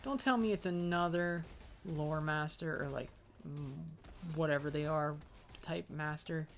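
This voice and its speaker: A man's voice: a little high, a little slow, faint music behind. A young man casually commenting on his own gameplay, rambling and joking to himself as he plays. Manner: rambling, joking self-talk. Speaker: gaming video host. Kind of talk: casual let's-play commentary.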